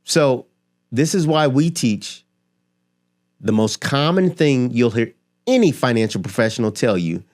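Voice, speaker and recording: A man's voice: mid-range voice, animated, measured pace, a little mellow. A man speaking straight to his viewers in a motivational talk about money, emphatic and building his points with rhetorical questions and repetition. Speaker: finance and motivation creator. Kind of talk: direct-to-camera motivational talk.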